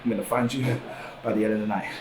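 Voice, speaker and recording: Low, menacing man making wrestling threats. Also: fairly even intonation, fast, crowd noise. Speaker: pro wrestler. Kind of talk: backstage wrestling promo. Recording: echoey backstage audio with clear noise.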